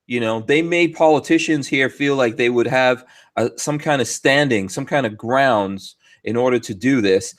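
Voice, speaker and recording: A man's voice: medium pitch, normal speed. A man hosting a casual podcast chat, heated and ranting, with mocking asides. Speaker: podcast host. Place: Florida studio.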